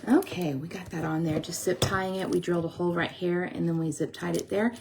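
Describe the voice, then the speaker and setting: Chatty woman with a gravelly voice. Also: on the low side, steady tone, a little fast, noisy background. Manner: chatty, talks to her viewers and scolds her dogs. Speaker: sugar glider breeder and live stream host. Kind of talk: casual live-stream chat while building. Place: home.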